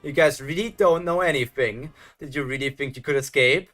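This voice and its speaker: An actor voicing a gloating male villain in an animated series dub, mocking his captives with sing-song taunts, over faint music. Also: medium pitch, a little fast, natural voice. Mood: taunting.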